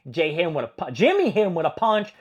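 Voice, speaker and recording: Male host, slightly high voice, casual profane wrestling recapper. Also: huge pitch swings, fast, slightly rough, highs cut off. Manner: profane, rambling play-by-play with acted-out quotes. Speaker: wrestling show reviewer.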